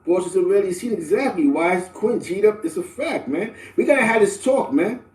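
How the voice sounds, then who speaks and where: Animated New man, roomy and distant. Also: high-pitched, normal speed. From the Bronx, New York. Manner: animated, preachy street slang, keeps asking "you know what I'm saying". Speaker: livestream host. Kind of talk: casual livestream talk to viewers.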